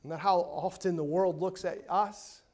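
A man preaching a sermon in a church, emphatic, swinging between loud and hushed and repeating words to stress his points. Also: high voice, steady tone, moderate pace. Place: church sanctuary.

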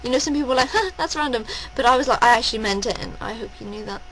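A woman vlogging at home, gushing and rambling in a breathless, excited rush. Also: a little high, racing, rough recording. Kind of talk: excited personal vlog. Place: at home indoors.

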